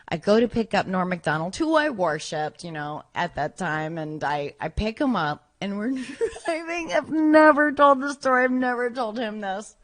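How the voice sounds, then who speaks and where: Animated woman telling a story. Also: fairly high pitch. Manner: animated, acts out quoted lines. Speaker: podcast guest. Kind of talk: casual storytelling.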